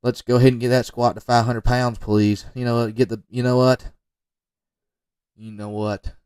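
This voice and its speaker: A man commenting off the cuff on football highlight film, rambling into joking asides and talking straight to the players. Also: flat delivery, moderate pace, darkish tone, smooth, dry recording, studio quality, recorded from a distance. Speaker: football recruiting video reviewer.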